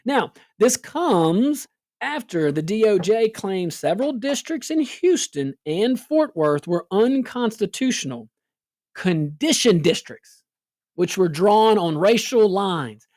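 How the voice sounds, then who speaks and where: A woman's voice: medium pitch, sing-song, slow, darkish tone, dry recording, studio quality. A woman hosting a political talk show, sarcastic and full of rhetorical questions. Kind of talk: casual political commentary.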